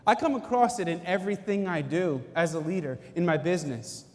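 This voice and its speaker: A man with a fairly high voice delivers a fervent motivational talk from a conference stage, pausing for effect and swinging through his phrases. His voice rings out with the long reverb of a large hall. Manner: animated, preacher-like delivery with dramatic pauses. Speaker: company executive giving a keynote talk. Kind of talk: motivational faith-based speech.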